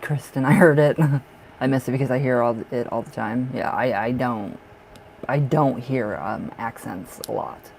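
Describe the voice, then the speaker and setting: A man's voice: medium pitch, moderate pace, gravelly, a little mellow, a little hiss or hum, rough recording. Man tarot reader on a live stream, from the northern US, chatty and giggly, mid-range voice. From northern United States. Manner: chatty, laughs often, repeats himself.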